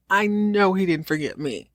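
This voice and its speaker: A woman's voice: medium pitch, sing-song, slow, no room sound, clean studio sound. A woman voicing a bold, sassy rich woman in a comedic recap role-play.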